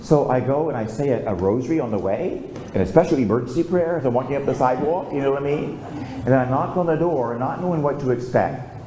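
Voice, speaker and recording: A man's voice: medium pitch, quick pace, warm tone, a little hiss or hum. An older man, a priest, preaching a storytelling sermon and calling out for amens. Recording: echoey room with faint ambience.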